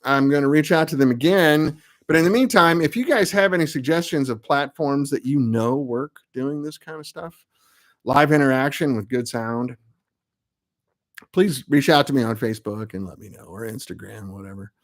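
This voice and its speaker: A man's voice: medium pitch, normal speed. A middle-aged man, an amp builder, chatting casually and rambling with self-mocking asides while hosting his live web show. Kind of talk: casual live-stream chat.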